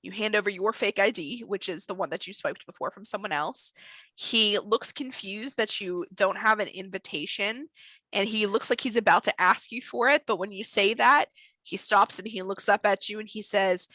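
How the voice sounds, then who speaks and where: A woman narrating as game master of a tabletop role-playing game, relaxed, with many fillers. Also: mid-range voice, normal speed, no room sound, poor audio.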